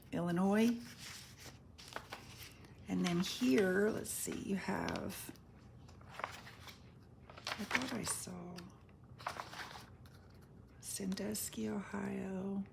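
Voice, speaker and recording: A woman's voice: medium pitch, fairly even intonation, creaky, noisy background. A woman selling vintage paper and crafts, talking casually and describing each item up close. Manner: chatty, unhurried, describing items up close, stumbles over foreign words. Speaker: online craft seller. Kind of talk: casual product presale video.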